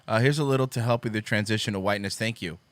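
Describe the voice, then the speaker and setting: Male talk host with a bright, forceful voice on a dry close mic; sarcastic and profane. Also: fairly low pitch, very fast, dry recording. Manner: sarcastic and profane, reading posts aloud and mocking them. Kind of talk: political commentary show.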